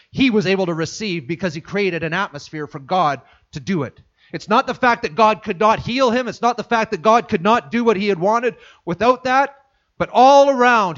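High-voiced preacher telling a story. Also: male voice, a bit bright, muffled recording. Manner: storytelling, repeating phrases for emphasis. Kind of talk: sermon.

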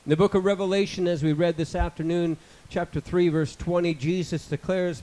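A man in his fifties preaching a sermon, rambling with joking asides and building to loud, emphatic passages. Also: sits high, fairly even intonation, a little fast, hardly any pauses, low-quality recording. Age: 50s.

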